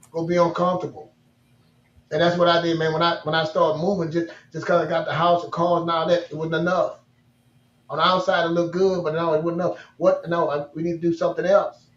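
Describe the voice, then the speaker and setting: Man, high-pitched, emphatic, repetitive, roomy echo, dull lo-fi audio. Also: distant mic. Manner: animated, laughing, repetitive, emphatic. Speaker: podcast co-host. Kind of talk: casual motivational storytelling.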